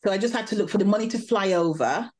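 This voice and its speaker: A woman, a podcast guest, telling a personal story in a lively, animated way. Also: mid-range voice, fast. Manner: animated, vivid storytelling with laughs. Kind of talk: storytelling interview.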